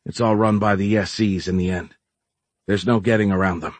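A weary, resigned man who works with tech, read by a male narrator, musing aloud in a tired way. His voice is low and husky. The recording is close and dry. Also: steady tone, normal speed, no room sound, lightly acted.

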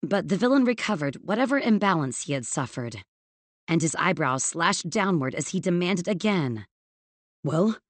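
Low-voiced woman reading an audiobook. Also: dry recording. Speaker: audiobook narrator. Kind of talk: scripted narration.

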